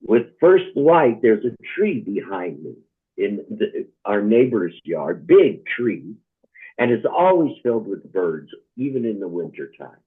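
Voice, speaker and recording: A man, a rabbi, telling a story slowly and reflectively in a conversation, often checking in with "all right?". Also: on the low side, very animated, breathy edge. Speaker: rabbi, guest speaker. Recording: tinny phone-like line.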